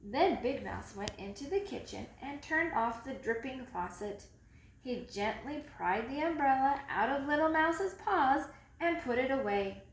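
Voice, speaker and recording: Slow, expressive woman reading a children's story. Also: high-pitched. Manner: expressive, slow, dramatic read-aloud. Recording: echoey room, faint background noise.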